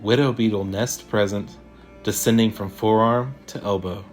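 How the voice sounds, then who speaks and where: Eerie doll AI, done by a man, female, low, sing-song, clinical readouts, storybook horror. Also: steady tone, moderate pace, soft background music, close to an everyday voice.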